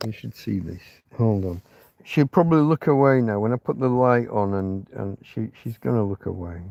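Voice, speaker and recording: Male streamer, gravelly, rambling casual chat, dry and slightly lo-fi phone sound. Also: lowish voice, normal speed, no room sound. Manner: rambling, chatty, talks to his dog in a soft doting voice. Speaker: livestream host. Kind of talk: casual late-night livestream chat. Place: indoors at night, in bed with his dog. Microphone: phone camera held close.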